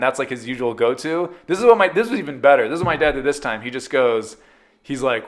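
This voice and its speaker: Man, podcast host, comedic storytelling, slightly high voice, animated and exasperated, casual monologue. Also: fast. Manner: animated, jumps into loud exasperated retellings of dialogue.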